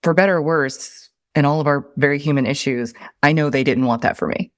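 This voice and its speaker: A woman's voice: deep voice, fairly quick, no echo, studio quality. A woman hosting a podcast, talking in an emphatic, impassioned way and swearing freely. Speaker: podcast host. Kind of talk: casual podcast conversation.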